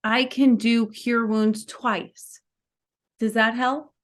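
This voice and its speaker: Unhurried woman playing a tabletop game. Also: fairly high pitch, little pitch movement. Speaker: player. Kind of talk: casual tabletop role-play.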